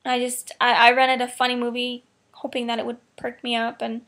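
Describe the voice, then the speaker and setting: A woman with a high voice talks into her camera for a personal video diary, tearful and emotional. She rambles in a heartfelt way, her sentences full of fillers like "you know" and "like". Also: completely flat delivery, a little fast, fairly bright tone. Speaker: vlogger.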